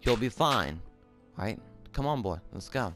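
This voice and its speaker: A man's voice: lowish voice, animated, measured pace, over music. A swearing, emotional gameplay commentator man. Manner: emotional, swearing, yelling in frustration then soothing his pet.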